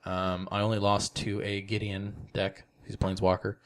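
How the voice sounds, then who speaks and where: Relaxed man explaining at length, low voice. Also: normal speed, clear, resonant tone. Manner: explains card game rules at length, relaxed and chatty. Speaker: podcast co-host. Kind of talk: casual chat.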